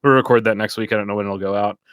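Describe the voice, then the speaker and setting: A male podcast host in casual, rambling chat, often laughing and padding his sentences with fillers. His voice is lowish and recorded dry and close. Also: fairly even intonation, very fast, a bit bright, clean tone, no room sound.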